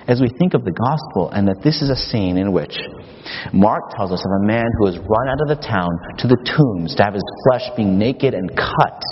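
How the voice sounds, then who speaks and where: A male pastor preaching a sermon in an animated, emphatic storytelling manner. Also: on the low side. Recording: echoey hall, dull, faint hiss.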